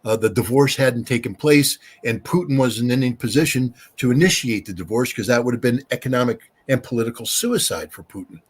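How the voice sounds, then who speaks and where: An American man speaks bluntly and emphatically as the expert guest on a podcast. His voice is husky and slightly rough. He answers at length with firm conviction. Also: medium pitch, fairly quick, hardly any pauses. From United States.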